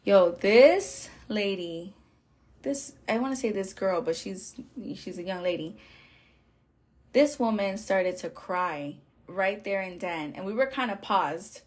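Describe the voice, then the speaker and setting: A woman's voice: medium pitch, slow, a little mellow, breathy edge. A woman hosting a podcast, telling a personal faith story in a casual, chatty way, with laughs, fillers and restarts. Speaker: podcast host.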